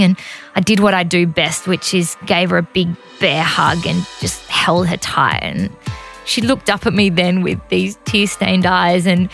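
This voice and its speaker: Woman host in her thirties, chatty and candid, fry in the voice. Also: fairly low pitch, a little slow, dry recording, soft background music. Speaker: podcast host. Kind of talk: casual storytelling and interviewing.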